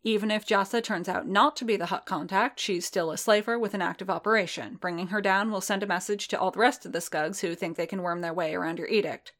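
A woman reading a story aloud and voicing a cool, sharp-tongued female mercenary who talks briskly and bluntly. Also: medium pitch, steady tone, natural voice.

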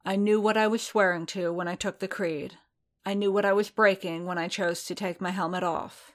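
A woman voicing a conflicted male armored warrior in a storybook reading, speaking in a subdued, measured way. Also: mid-range voice, steady tone, lightly acted. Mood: weary, earnest.

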